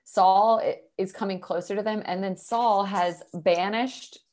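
A woman's voice: mid-range voice, fairly even intonation, unhurried, a little mellow. A woman co-hosting a podcast, chatting casually and retelling a story with quoted asides. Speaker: podcast co-host. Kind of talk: casual chat.

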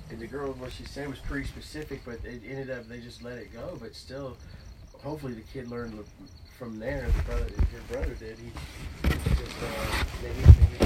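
A man telling stories in a casual interview, rambling with restarts and swearing. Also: mid-range voice. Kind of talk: casual storytelling. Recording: distant mic with loud noise.

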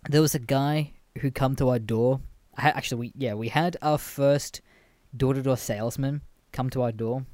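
A young man, hosting a podcast and telling stories casually, animated and full of swearing and laughter. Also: mid-range voice, moderate pace, dry recording. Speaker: podcast host. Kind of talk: casual storytelling monologue.

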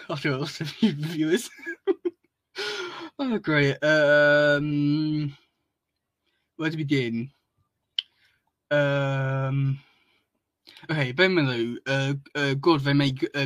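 A male podcast host reading fan fiction and viewer comments aloud, halting and stumbling over words, laughing often. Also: a little high, dry recording. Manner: halting, full of fillers and restarts, laughing often.

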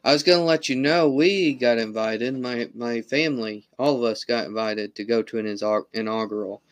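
A man hosting a casual chat, relaxed and meandering. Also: mid-range voice, moderate pace, no room sound.

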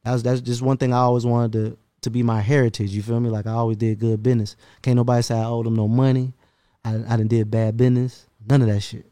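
A man's voice: medium pitch, clear, resonant tone. A man, a podcast host telling stories in casual, profane chat. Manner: animated storytelling, profane, fast-talking.

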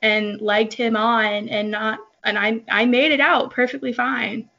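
A soft-spoken woman talking casually with a gravelly, slightly high voice. She fills her speech with little fillers and restarts, and the sound is somewhat dull and lo-fi. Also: steady tone, a little slow. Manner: self-described soft-spoken and timid, chatty with many fillers. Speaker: horse rider guest. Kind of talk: casual podcast conversation.

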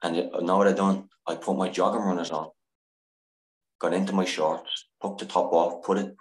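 Low-voiced man telling a candid story. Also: steady tone, moderate pace. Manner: earnest and emotional, swears freely, restarts sentences. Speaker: podcast guest. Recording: echoey room.

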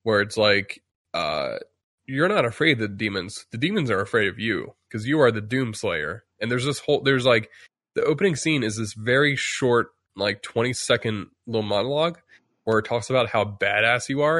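A man's voice: fairly low pitch, a bit bright, no echo, clean studio sound. A man chatting casually on a podcast, rambling with many restarts and fillers while acting out quotes. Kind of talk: casual chat.

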